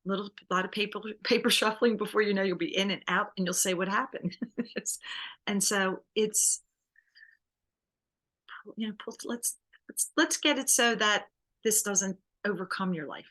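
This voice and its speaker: A woman divorce coach and private investigator in a conversational interview, animated and quick to laugh. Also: mid-range voice. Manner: animated, laughs often, acts out client quotes.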